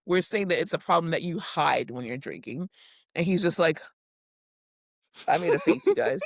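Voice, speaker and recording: A woman co-hosting a podcast in casual chat, animated and laughing, swearing freely and acting out quotes. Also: fairly low pitch, moderate pace, vocal fry, no echo, clean studio sound. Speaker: podcast co-host. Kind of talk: casual chat recapping reality TV.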